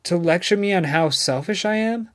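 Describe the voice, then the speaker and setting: A man reading an audiobook, voicing a defensive young woman with a raised pitch and clipped, evasive replies. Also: moderate pace, natural voice. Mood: irritated. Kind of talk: audiobook dialogue.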